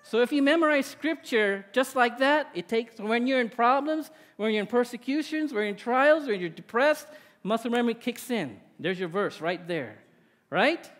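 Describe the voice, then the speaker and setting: A man's voice: extremely high pitch, animated, moderate pace, fairly bright tone, long reverb tail. A male pastor preaching a sermon in a conversational way, often checking in with "right?". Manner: conversational, with tag questions.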